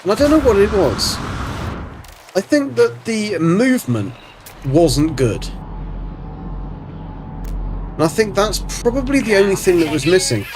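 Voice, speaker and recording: A man's voice: high-pitched, sing-song, a little slow, long pauses, background noise. A man from Germany hosting a livestream, chatting casually as he plays, rambling and swearing playfully. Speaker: livestream host. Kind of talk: casual gaming commentary.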